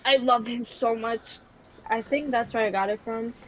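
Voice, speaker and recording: A woman's voice: a little high, steady tone, moderate pace, a little hiss or hum, rough recording. A young woman from New York, a guest in a casual chat, rambling with lots of fillers and restarts. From New York City. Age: young adult.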